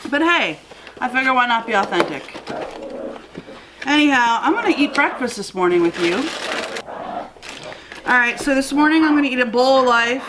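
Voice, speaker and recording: A woman's voice: on the high side, animated, normal speed, pauses often, background noise. A woman hosting a casual eating vlog, just woken up and chatting in a rambling way with fillers, filmed at home. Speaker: mukbang host. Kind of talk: casual chat to camera while eating. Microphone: camera mic.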